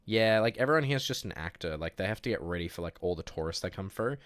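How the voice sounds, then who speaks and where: A man's voice: low-pitched, animated, fast, smooth, no room sound, studio quality. A man hosting a live stream, chatting casually and reading viewer messages, rambling and joking with lots of fillers. He says he is sick. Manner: rambling, jokey, many fillers and restarts. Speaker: livestream host.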